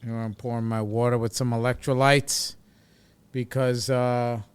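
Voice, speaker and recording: A man hosts a casual solo podcast, rambling in a laid-back way with plenty of fillers and swearing. His medium-pitched voice is clear and resonant, with little pitch movement and normal speed. It's recorded on a studio microphone with no room sound.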